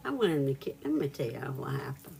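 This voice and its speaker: A woman's voice: a bass voice, very animated, quick pace, vocal fry, dark tone. A woman hosting a reiki live stream, telling a story in a casual chat with viewers, laughing often and greeting them by name.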